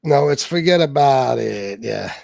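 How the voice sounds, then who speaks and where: A man's voice: mid-range voice, expressive, unhurried, creaky, a little mellow, no room sound, studio quality. Profane, sarcastic male livestream host. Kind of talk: casual political livestream, reading chat.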